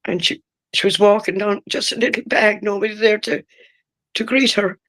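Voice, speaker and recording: An older Irish woman in her sixties speaks in a low voice for a woman. She tells her own story as an interviewee in an emotional, halting way, with many broken-off restarts. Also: steady tone, fairly bright tone. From Ireland. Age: 60s. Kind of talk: emotional personal testimony.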